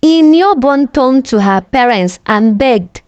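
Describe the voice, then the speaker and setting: A woman storyteller narrates a dramatic family tale with emotive weight. She speaks slowly, her voice a little high. The sound is dry and close. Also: expressive, darkish tone, dry recording, highs cut off.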